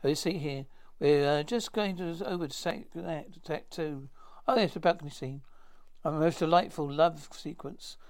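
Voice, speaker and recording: A man as a brisk 1950s TV drama character. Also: fairly high pitch, darkish tone, natural voice.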